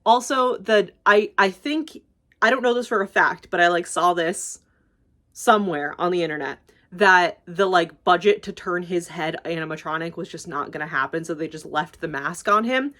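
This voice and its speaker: A woman's voice: lowish voice, moderate pace, a bit bright. A young woman YouTuber casually recapping a movie, rambling and gushing, swearing freely and filling with "like".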